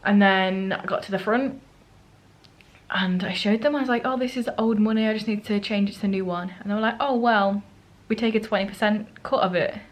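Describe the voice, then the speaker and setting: A woman's voice: medium pitch, steady tone, a little fast, low-quality recording. A woman vlogging on a solo trip, chatting casually to the camera and acting out what people said to her. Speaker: travel vlogger. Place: holiday rental flat.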